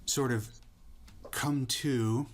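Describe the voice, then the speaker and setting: A male dungeon master narrates the action of a tabletop game in an unhurried, deliberate voice. His pitch sits in an ordinary middle range, and he describes each outcome with steady, measured care.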